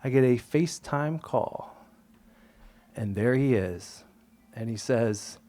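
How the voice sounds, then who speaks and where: A young adult man tells a true story to a live audience. He acts out the quotes and shifts his voice, at times falling to a hush. His tone is relaxed and conversational. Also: medium pitch, slow pace, long pauses. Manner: animated, acts out quotes, drops to whispers. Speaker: storyteller on stage.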